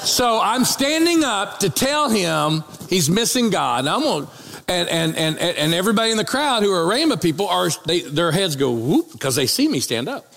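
A man's voice: high-pitched, moderate pace, gravelly, in a large hall. A man preaching and telling a comic story from the pulpit, acting out each voice. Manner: animated, comic storytelling with acted-out quotes. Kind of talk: storytelling sermon.

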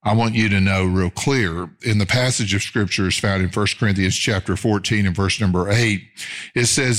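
A middle-aged male pastor preaching a sermon in an earnest, measured way, slowing down to stress key phrases. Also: fairly low pitch, a bit bright.

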